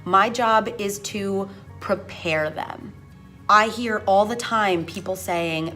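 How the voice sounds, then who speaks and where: A young woman who teaches speaks in a personal vlog, reflecting earnestly and with deep feeling while sometimes nearly crying. Her medium-pitched voice has a fairly bright tone and a slow, impassioned delivery, with soft music playing behind her.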